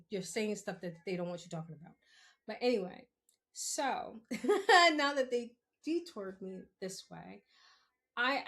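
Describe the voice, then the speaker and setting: A young woman from Queens, hosting a spiritual podcast in a chatty, blunt monologue, laughing often and swearing freely. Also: a little high. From Queens, New York. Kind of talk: casual solo podcast monologue.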